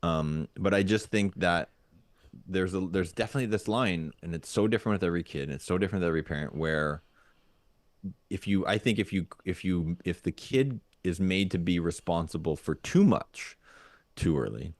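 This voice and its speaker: A man's voice: low voice, moderate pace, no echo. A man co-hosting a parenting podcast, thinking aloud in casual chat with lots of fillers and restarts. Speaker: podcast co-host.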